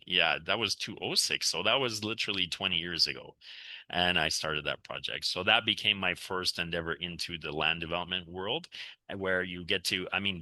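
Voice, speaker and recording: A middle-aged man telling enthusiastic stories as a real estate investor guest on a podcast interview. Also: dry recording. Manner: enthusiastic, animated storyteller with laughs and pitch jumps.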